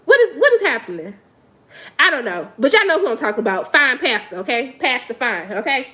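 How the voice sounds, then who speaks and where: A woman's voice: high voice, sing-song, brisk, sharp tone. A woman giving sassy, blunt, casual live commentary on a reality show, talking straight to her viewers with features.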